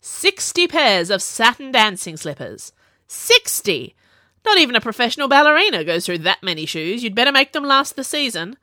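A woman's voice: on the high side, sing-song, brisk, few pauses, pushed and bright, dry recording, voice pushed up. A woman voices a haughty storybook king who barks orders and complaints. His speech is brusque and demanding, with plenty of rise and fall. The sound is dry and close-miked. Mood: stern. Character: haughty stern middle-aged king, short-tempered.

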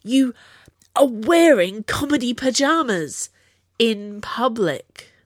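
A woman reading the part of a sulky, theatrical young man in a serialised story, with lively ups and downs in her voice. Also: a little high, takes it slowly, dry recording, studio quality, pitched above the performer's own voice. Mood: indignant. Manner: theatrical, petulant.

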